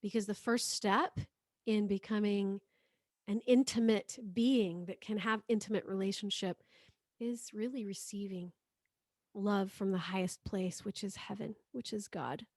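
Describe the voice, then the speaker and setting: Woman guiding a healing prayer, soft and slow, repeats lines, dry close sound. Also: medium pitch, steady tone. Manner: soft, slow, repeats phrases for listeners to echo. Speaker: spiritual healing teacher. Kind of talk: guided prayer and healing exercise.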